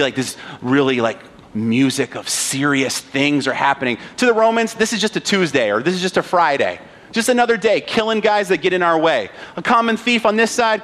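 A pastor with a rather high voice delivers a sermon. He reads scripture aloud and slips into the sneering voices of the crowd, then drops back to a slower, grave tone. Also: fairly bright tone. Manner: dramatic, acts out mocking voices of the crowd.

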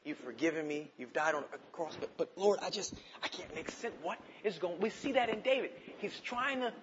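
A man preaching a sermon, moving between urgent, passionate pleas and quiet, reflective asides. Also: high voice, normal speed, highs cut off, background noise. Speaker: pastor.

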